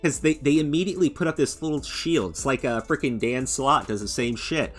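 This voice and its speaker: A man hosting a commentary channel, ranting in a sarcastic, mocking and profane way, stumbling over restarts and fillers. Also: medium pitch. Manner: halting restarts and stammered fillers. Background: faint background music.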